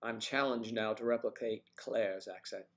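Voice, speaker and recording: A man's voice: lowish voice, steady tone, moderate pace, a bit bright. A man with a mid-Atlantic American accent hosting a casual livestream chat, rambling and playful as he tries out other accents. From mid-Atlantic United States. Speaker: livestream host.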